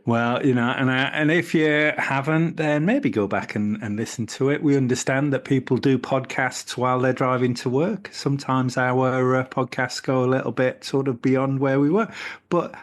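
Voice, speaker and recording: Man, mid pitch, easygoing, jokey banter, podcast co-host. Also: fairly even intonation, normal speed. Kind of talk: casual chat.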